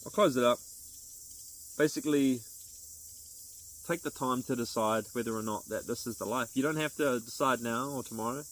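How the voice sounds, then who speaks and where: A man's voice: medium pitch, a little fast, low-quality recording. A man talking to camera as a vlogger in an earnest, rambling, upbeat way, with restarts. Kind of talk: casual motivational monologue to camera.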